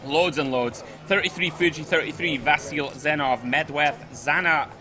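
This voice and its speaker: A man's voice: a little high, normal speed, over music. A Scottish man doing live poker commentary from a festival booth. He chats, jokes, and reads out viewers' messages. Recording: crowd noise behind.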